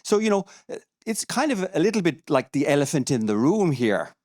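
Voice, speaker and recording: A man asking a question at a conference, earnest and a little hesitant. His pitch moves a lot, and the sound is dry and close. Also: sing-song, normal speed, darkish tone, no room sound. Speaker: audience member, independent podcaster. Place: conference room.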